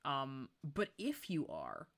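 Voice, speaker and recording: A young woman streamer chatting as she sketches, excitable and gushing, with frequent laughter. Her voice sits low but swings widely in pitch, so she keeps jumping between murmured asides and bright squeals. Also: takes it slowly. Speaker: art streamer. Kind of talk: casual livestream chat while drawing.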